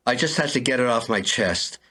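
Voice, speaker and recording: A man's voice: medium pitch, brisk, bright, forceful tone. An older man ranting in an interview, exasperated and pleading, repeating himself. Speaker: interview guest. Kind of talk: heated interview rant.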